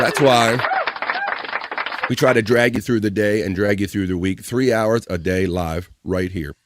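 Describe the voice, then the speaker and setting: A man's voice: fairly low pitch, normal speed, no room sound. Jokey man hosting a live stream. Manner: playful, jokey, shouting out viewers by name. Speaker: live-stream show host. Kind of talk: casual live-stream chat, reading viewer comments.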